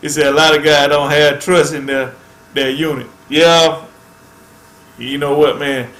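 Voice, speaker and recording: A man's voice: a little high, little pitch movement, measured pace, fairly bright tone, roomy sound. A man hosting a fishing channel, chatting casually to viewers in a laid-back way and tacking "man" onto nearly every phrase.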